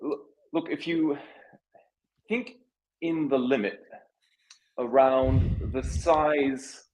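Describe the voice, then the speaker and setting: A man's voice: mid-range voice, a little mellow, close to an everyday voice, rough recording. Man doing a comic impression: terse tech CEO, wobbly South African accent, dismissive. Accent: South African, put on.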